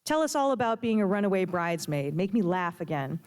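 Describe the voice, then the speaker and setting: A woman's voice: on the low side, very animated, fairly quick, a little mellow, clean tone. A woman reading as a sardonic nightclub queen. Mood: mocking. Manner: mocking, teasing, bossy. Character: brassy sardonic female nightclub owner, a gangster's wife.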